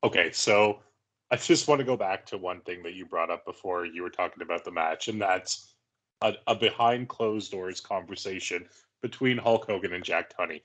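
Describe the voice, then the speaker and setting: A man's voice: deep voice, normal speed, fairly bright tone. A man co-hosting a podcast, arguing and joking with frequent swearing. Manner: profane, joking, argumentative. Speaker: podcast co-host. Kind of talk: casual podcast banter.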